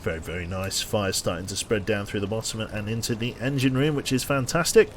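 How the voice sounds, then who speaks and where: A man's voice: lowish voice, fairly quick, a little hiss or hum. A man giving dry, sardonic live commentary on his gameplay and chatting with viewers, swearing casually along the way. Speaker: game streamer.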